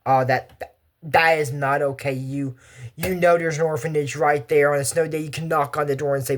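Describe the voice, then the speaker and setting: A man's voice: on the high side, normal speed, slight background noise. A young man, chatting casually and going off on tangents while recapping an anime. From Texas. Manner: chatty, digressive, animated asides. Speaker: anime commentary host. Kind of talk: casual rambling commentary.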